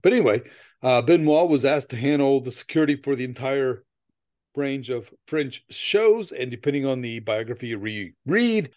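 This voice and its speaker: A man's voice: mid-range voice, darkish tone. A man co-hosting a podcast in casual chat, telling stories in a rambling way, laughing often and swearing casually. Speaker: podcast co-host.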